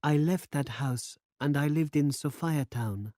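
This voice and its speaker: A man voicing a frightened, poor teenage girl in a story read aloud, lifting his voice high and thin. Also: unhurried, mellow, dry recording, studio quality, close to an everyday voice. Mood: timid. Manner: high, strained voice put on.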